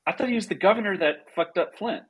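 A man's voice: sits high, fast talker, fairly bright tone, slightly rough. A man co-hosting a podcast in casual chat, jokey and teasing, laughing easily. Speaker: podcast co-host.

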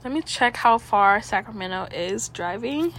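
A woman's voice: medium pitch, animated, moderate pace, a bit bright. A young woman with a stuffy nose hosting her own podcast, rambling in casual chat full of "like" and swearing. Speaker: podcast host.

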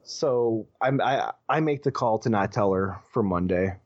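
A man telling a personal story as a podcast guest, halting with many restarts and casual swearing. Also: on the low side, husky. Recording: dull lo-fi audio.

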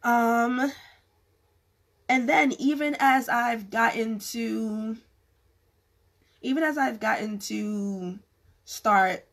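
Her voice medium-pitched, a bit bright, and full of vocal fry, a Californian vlogger who is losing her voice speaks frankly to camera about business. The casual advice rambles and restarts often.

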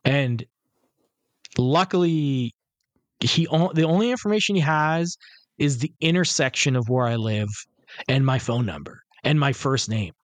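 On a dry recording, a man with a medium-pitched voice speaks at a measured pace. He's co-hosting a podcast in a casual storytelling chat, spinning a rambling, profane tale and acting out the quoted lines.

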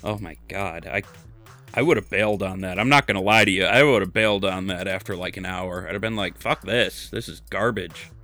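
A man's voice: sits low, brisk, sharp tone, faint music behind. A man in his thirties hosting a podcast, talking bluntly and joking with some swearing. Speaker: podcast host. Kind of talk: casual chat and game news.

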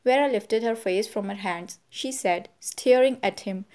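A woman narrating an audiobook in an even, measured storytelling voice. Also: medium pitch. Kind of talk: scripted narration.

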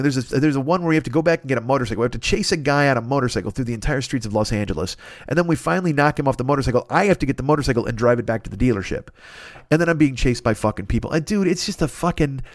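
A man's voice: medium pitch, no room sound, clean studio sound. A man hosting a podcast, riffing in a profane, exaggerated comic rant about his stomach troubles. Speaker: podcast host. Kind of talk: casual comedic rant.

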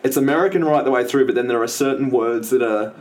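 A man's voice: mid-range voice, fast, a little mellow. A man co-hosting a podcast, chatting casually about a film and rambling with many restarts and self-corrections. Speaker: podcast co-host. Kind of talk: casual film review chat.

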